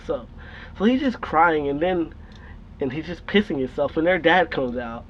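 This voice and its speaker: A man's voice: fairly high pitch, lively intonation, normal speed. Young man telling a profane story. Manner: profane, laughing, rambling. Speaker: storytime vlogger. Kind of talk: casual storytelling. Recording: dull lo-fi recording with faint noise.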